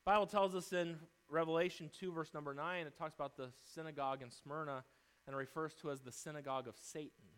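A male pastor preaching a fervent, emphatic sermon in church, swinging between loud declarations and quieter asides. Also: a little high, steady tone, fairly quick, clear, resonant tone.

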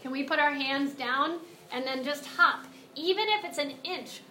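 A woman's voice: high-pitched, moderate pace, sharp tone, slight background noise. A woman yoga teacher guiding a children's class, playful and encouraging, with sing-song animal cues. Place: classroom or studio with music playing. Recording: echoey room, music behind.

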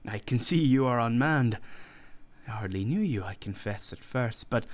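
A man voicing a wealthy aging doctor who talks in a hurried, placating, stammering way. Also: mid-range voice, animated, close to an everyday voice. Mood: flustered.

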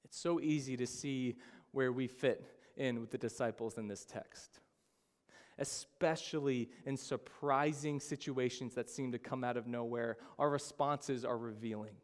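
A man's voice: medium pitch, fairly even intonation, measured pace. Man preaching in an echoing hall. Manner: earnest, dramatic reading of scripture, acts out the disciples' panic. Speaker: pastor. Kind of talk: sermon. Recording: long hall reverb.

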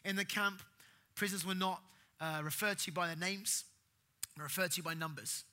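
A man preaching a sermon earnestly, rising in emphasis and then dropping soft. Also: high-pitched, steady tone, normal speed.

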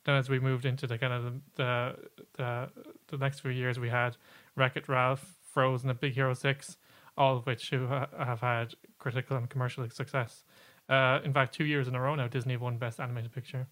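A man's voice: mid-range voice, level tone, fairly quick, a bit bright. A man co-hosting a podcast, explaining at length in casual chat, with many fillers and restarts. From Ireland. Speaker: podcast co-host.

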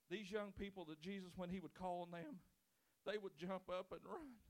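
A male pastor preaching a sermon in church, swinging from loud pleading to quiet, intimate talk. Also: sits high, normal speed. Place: church sanctuary.

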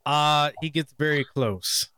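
A man's voice: fairly high pitch, slow, bright, forceful tone, clear, resonant tone. A man in casual podcast chat, teasing and joking with the others.

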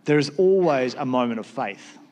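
A man's voice: medium pitch, animated, moderate pace, darkish tone. A man, a pastor with school-age kids, preaching a sermon in a conversational way and acting out short exchanges.

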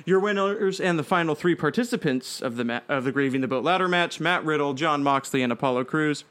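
A man's voice: fairly high pitch, fast talker, fairly bright tone. A man narrating a made-up wrestling show play by play, rambling with fillers and restarts. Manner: rambling, frequent fillers and restarts, breaks into laughter.

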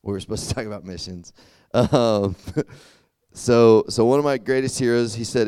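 Casual young male preacher, smooth voice. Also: fairly low pitch, a little mellow, no echo, clean studio sound. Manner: conversational, filler-heavy, often asks "does that make sense?". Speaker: youth pastor. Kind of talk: casual sermon.

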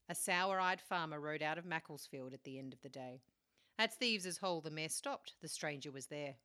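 A woman co-hosts a casual book chat and reads an old tale aloud in a measured way. Her voice is bright but sits fairly low. She keeps an even, storytelling pace. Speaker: podcast co-host.

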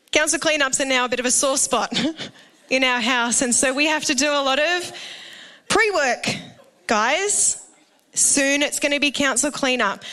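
Bright-voiced Australian woman preaching. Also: high-pitched. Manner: animated, jokey asides to the congregation. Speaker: pastor. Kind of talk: sermon with personal storytelling. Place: church auditorium. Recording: reverberant hall.

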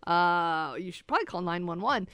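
A woman's voice: on the low side, expressive, fairly quick, a bit bright, smooth, no room sound. A woman co-hosting a show in casual banter, dry and teasing toward her partner. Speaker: radio show co-host.

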